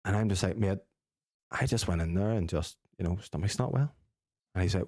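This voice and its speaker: A young man, telling a sweary, animated story as a podcast co-host. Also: low voice, a little fast, no room sound, studio quality. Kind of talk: casual storytelling with friends.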